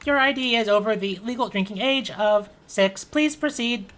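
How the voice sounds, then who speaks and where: A woman's voice: a little high, moderate pace, a bit bright, voice pushed up, lightly acted. A woman voicing a formal, rule-bound robot doorman who talks in a stiff, officious, polite way.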